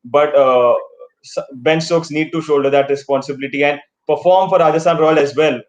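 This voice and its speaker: A man's voice: fairly high pitch, fairly even intonation, moderate pace, rough recording. Earnest man talking cricket on a call. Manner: earnest, analytical, many fillers. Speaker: fan guest. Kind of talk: casual fan chat.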